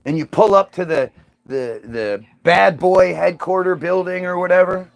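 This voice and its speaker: A man's voice: sits high, moderate pace, gravelly. A man hosting a casual monologue, ranting scornfully and profanely, often repeating his words.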